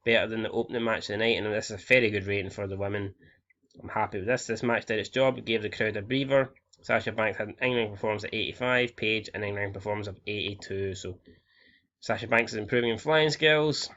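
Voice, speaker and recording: A man's voice: on the low side, steady tone, fast, fairly bright tone, muffled recording. A man in his twenties from Scotland, casually commentating on a game he is playing, swearing freely and reading out scores and ratings. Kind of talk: casual let's-play commentary.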